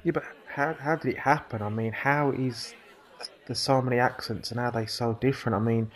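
A man's voice: medium pitch, fairly even intonation, a little fast. A man co-hosting a podcast in casual chat, curious and full of questions. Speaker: podcast co-host.

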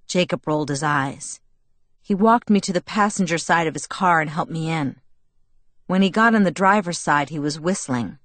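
A woman narrating a first-person novel as an audiobook, measured and expressive. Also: deep voice, no room sound.

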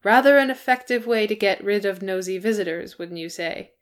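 A woman's voice: mid-range voice, brisk, close to an everyday voice. Woman reading a dry-witted fussy hobbit. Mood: polite. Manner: dry, genteel, flustered. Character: fussy polite male hobbit, dry wit.

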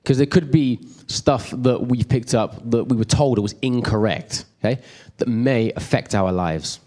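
A man's voice: mid-range voice, unhurried, dark tone. A man teaches a church group in an easy, conversational way. He rambles off on side stories and keeps checking in with his listeners. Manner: chatty, rambling, checks in with the room. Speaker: preacher.

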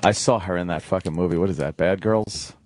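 A man's voice: low-pitched, fairly quick, darkish tone, a little hiss or hum. Profane, mocking male radio host. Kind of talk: crude casual radio banter.

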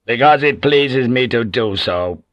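A man voicing an aging warlord in an audiobook, measured, authoritative and sly. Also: low voice, no room sound, dull audio. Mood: scheming. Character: aging male warlord, cunning and commanding. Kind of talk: audiobook character voice.

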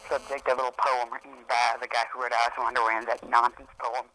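Bright-voiced opinionated young man. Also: medium pitch, little pitch movement, quick pace, low-quality recording. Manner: opinionated, argues for book accuracy, fannish. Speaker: podcast co-host. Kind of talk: casual chat.

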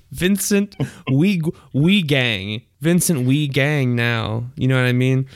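A man's voice: mid-range voice, takes it slowly, smooth, no echo. A man hosting a podcast in crude, profane casual chat, often laughing mid-sentence. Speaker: podcast host.

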